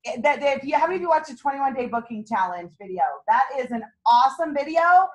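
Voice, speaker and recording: High-voiced, bubbly woman pepping up her team. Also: expressive, quick pace, low-quality recording. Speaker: team leader running a sales meeting. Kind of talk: motivational talk to a group. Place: meeting room with a small group.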